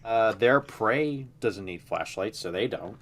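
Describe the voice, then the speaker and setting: A man chats casually with his friends, throwing in short dry jokes. His voice sits lower than most men's. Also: expressive, a little slow, a bit bright. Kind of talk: casual chat.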